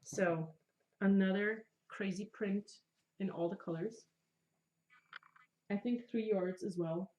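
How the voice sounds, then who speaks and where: A woman's voice: medium pitch, fairly even intonation, slow, pauses often, mellow. A woman in her thirties hosting a casual craft podcast, talking with chatty enthusiasm and joking about herself. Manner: chatty, enthusiastic, self-deprecating jokes. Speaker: podcast host. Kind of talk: casual chat.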